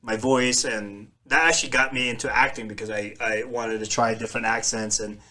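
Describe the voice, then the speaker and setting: A man's voice: mid-range voice, brisk. A man in his forties from the Philippines, with a slight Filipino accent, co-hosting a casual podcast and telling stories with frequent laughter. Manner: laughs often, animated storytelling. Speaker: podcast co-host.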